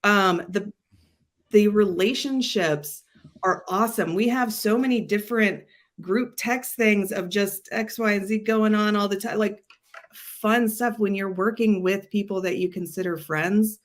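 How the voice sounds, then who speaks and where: A woman's voice: mid-range voice, measured pace. A woman guest on an interview chat, talking with rambling enthusiasm and plenty of fillers. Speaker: agency guest.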